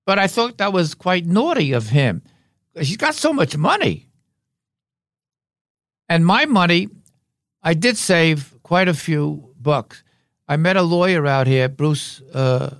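An older man, a veteran actor and podcast guest, telling rambling, wry anecdotes with halting fillers. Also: a little high, animated, a bit bright, dry recording, clean studio sound. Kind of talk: anecdotal interview talk.

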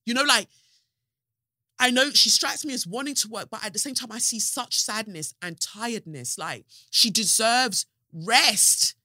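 A young woman podcast host, talking in a passionate, sarcastic monologue that swings between loud outbursts and low mutters. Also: moderate pace, no room sound, studio quality. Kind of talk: casual opinionated monologue.

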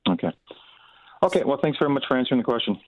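A man's voice: mid-range voice, very animated, rapid-fire, dry recording. A middle-aged man calling a radio show by phone, polite and wordy as he asks his question. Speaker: caller. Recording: phone line.

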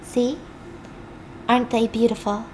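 A woman voicing an unhinged young housewife, shrill and frantic, swinging to an eerie calm. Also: normal speed, slight background noise.

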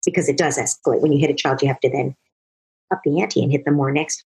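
A woman's voice: extremely low pitch, fast, creaky, darkish tone, breathy edge, low-quality recording. A middle-aged woman, a parenting expert, earnestly explaining her advice in an interview, using worked-through examples.

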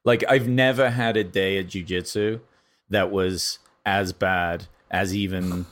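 A man co-hosting a podcast, telling rambling, animated comedy stories in casual chat. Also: low-pitched, measured pace.

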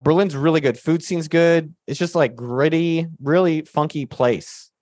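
A man's voice: fairly high pitch, fairly even intonation, unhurried, a little mellow, no room sound. A man hosting a podcast, answering listener questions in a casual, jokey, slangy way. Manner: jokey and slangy, full of banter. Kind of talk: casual, hyped Q&A talk.

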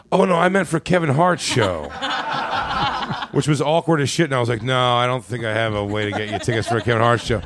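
A man, a comedian guest on a podcast, telling a funny anecdote with laughs and quoted voices. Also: mid-range voice. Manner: animated anecdote with laughs, quoting people in voices. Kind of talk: podcast storytelling.

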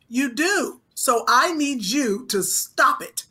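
Husky bright-voiced woman co-host. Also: high-pitched, lively intonation, slow, few pauses. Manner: frank, teasing. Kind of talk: casual chat.

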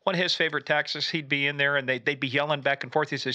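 A man's voice: fairly high pitch, fairly even intonation, very fast, sharp tone. A man, a podcast host and former state trooper, telling joking stories in casual chat with salty language.

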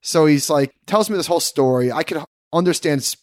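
A man's voice: on the high side, fairly quick, darkish tone, no room sound, clean studio sound. A man co-hosting a podcast, telling a rambling anecdote in casual chat and correcting himself as he goes. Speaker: podcast co-host.

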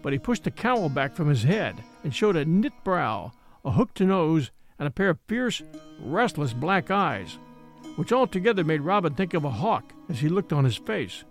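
A man narrating an old adventure tale in an expressive storytelling manner. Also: fairly high pitch, normal speed, faint music behind.

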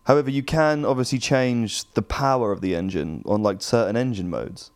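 A young man co-hosting a casual podcast, telling jokey, rambling stories in an animated way. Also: medium pitch, moderate pace. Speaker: podcast co-host. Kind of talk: casual chat.

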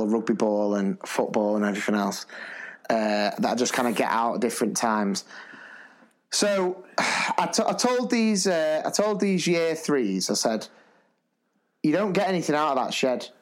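A man co-hosting a podcast, telling anecdotes in casual chat, animated and laughing often as he acts out what people said. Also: medium pitch, normal speed. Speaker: podcast co-host.

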